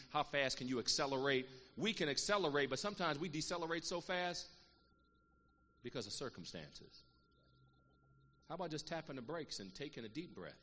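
A middle-aged man preaching a sermon, calling out to the congregation and swinging between loud exhortation and quiet, earnest asides. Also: mid-range voice. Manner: call-and-response preaching, calls out "Amen" and "saints". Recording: long reverb of a large hall, faint room noise.

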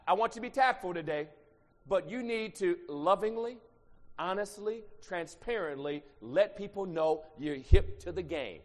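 A male pastor preaching a sermon, swinging from quiet asides to loud shouted lines. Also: fairly high pitch. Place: church sanctuary. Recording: long church reverb.

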